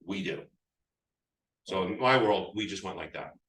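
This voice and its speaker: A real estate sales trainer with a low, gravelly, fairly bright voice speaks at a moderate pace, teaching agents phone scripts in a live session. He rambles with many restarts while acting out both sides of the call, seller included. It's recorded in an echoey room with the mic at a distance.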